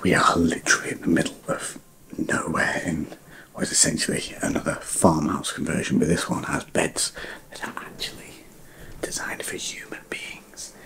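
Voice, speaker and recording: A man whispering a tired, hushed late-night vlog from a farmhouse bedroom. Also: a bass voice, little pitch movement, normal speed, vocal fry. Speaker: motorbike travel vlogger.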